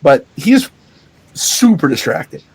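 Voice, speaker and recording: Animated storytelling podcast co-host man. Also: on the high side, slow pace, gravelly, breathy edge. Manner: animated storyteller, swears freely, laughs often. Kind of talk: casual chat, recounting a show.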